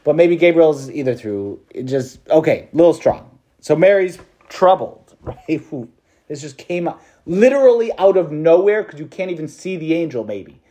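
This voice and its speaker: A man's voice: on the high side, expressive, normal speed, warm tone. A male priest preaching a meditation to students in a casual, chatty way, with slang and laughter.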